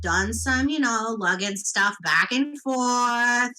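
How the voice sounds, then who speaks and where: Woman playing a burly flirty bruiser, mischievous, bright tone, slow delivery, tabletop game. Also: expressive, heavily acted, low-quality recording. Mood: teasing. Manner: teasing, drops low and purring when threatening.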